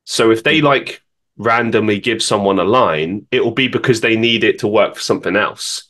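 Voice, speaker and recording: A man's voice: on the low side, normal speed, a bit bright. A male podcast host chatting casually, rambling with many filler words. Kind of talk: casual chat.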